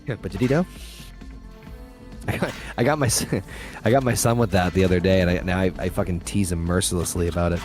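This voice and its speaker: A man's voice: low-pitched, fairly quick, long pauses, darkish tone, faint music behind. A middle-aged man hosting a casual gaming chat, swearing and joking, reading lists aloud. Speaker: host.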